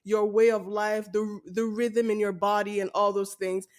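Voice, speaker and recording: A woman's voice: medium pitch, level tone, moderate pace. A woman from Nigeria, hosting a podcast and speaking reflectively in casual conversation while she searches for her words. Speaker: podcast host.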